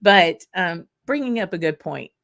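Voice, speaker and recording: A livestream host from Arkansas, she has a Southern accent and a fairly low, gravelly, fairly bright voice that's expressive and a touch slow. Her talk is rambling and chatty, with viewer comments read aloud and frequent fillers and laughter.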